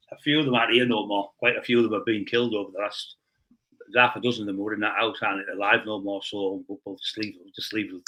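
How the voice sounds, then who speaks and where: A man as an interview guest, telling rough stories bluntly and swearing freely. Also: on the low side, sharp tone, rough recording. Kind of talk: blunt storytelling in a casual interview.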